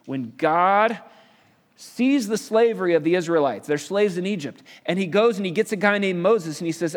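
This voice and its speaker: A middle-aged man preaching a sermon in a church sanctuary, with a fairly high voice for a man. He explains things in a conversational way and keeps asking his listeners questions. His voice carries a long reverb from the hall. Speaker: pastor.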